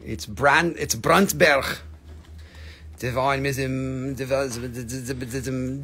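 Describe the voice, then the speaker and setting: A man's voice: mid-range voice, lively intonation, measured pace, fairly bright tone, slight background noise. A man hosting a live crystal sale, chatting casually, teasing viewers and swearing freely. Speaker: livestream crystal seller. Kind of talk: casual live sales chat.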